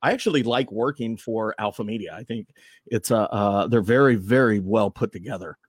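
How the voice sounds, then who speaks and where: Heard in studio-quality audio with no echo, his fairly low, husky voice moves at a normal speed. The speaker, a morning radio host on a podcast as a guest, chats casually, storytelling in a loose, rambling, animated manner.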